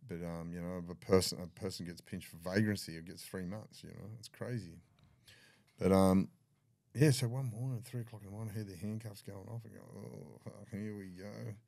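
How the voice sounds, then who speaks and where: Gravelly, deep Australian man. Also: steady tone, brisk, warm tone, no echo. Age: older. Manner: blunt, swears freely, acts out dialogue. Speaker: podcast guest. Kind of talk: candid storytelling.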